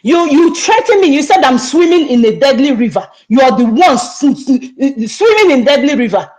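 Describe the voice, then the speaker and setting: A woman's voice: high-pitched, big pitch swings, moderate pace, darkish tone, rough recording. A middle-aged woman with a Nigerian accent, angrily scolding someone during a livestream and repeating herself. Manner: angry, scolding, repetitive. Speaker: online activist speaker. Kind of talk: heated livestream rant.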